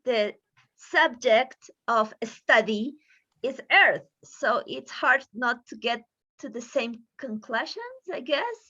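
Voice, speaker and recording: A woman from Peru with a Peruvian Spanish accent, speaking English as a second language, talking excitedly and with feeling in a casual panel discussion. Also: fairly high pitch, takes it slowly, dull audio. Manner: excitable, emotional, laughs while talking.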